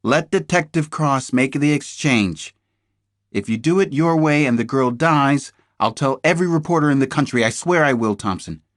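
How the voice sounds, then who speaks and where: A man's voice: mid-range voice, moderate pace, no room sound, clean studio sound, voice pushed up, lightly acted. A male narrator voicing a fearless female detective who speaks in a firm, insistent way.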